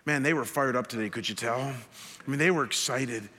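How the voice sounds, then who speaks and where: A male pastor delivers a sermon in a conversational, earnest way, often restarting his phrases. His voice is bright and forward. The sound carries the long reverb of a large church hall. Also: mid-range voice, moderate pace.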